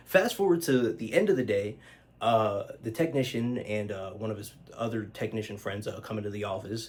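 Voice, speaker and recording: Casual storytelling man, fillers and swearing. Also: fairly low pitch. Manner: loose and conversational, many fillers, swears freely. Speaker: vlogger.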